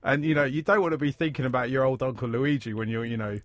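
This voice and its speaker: A man's voice: medium pitch, steady tone, no room sound, clean studio sound. A man co-hosting a podcast, joking and giving advice. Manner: quick, jokey, laughs often. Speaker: podcast co-host. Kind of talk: casual chat.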